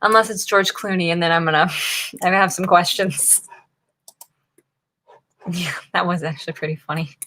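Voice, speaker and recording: A woman's voice: on the low side, fairly even intonation, normal speed, long pauses, sharp tone, slight background noise. A woman from Northern Virginia, hosting a writing-sprint livestream and chatting casually with viewers, laughing often as she reacts to chat. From Northern Virginia, USA.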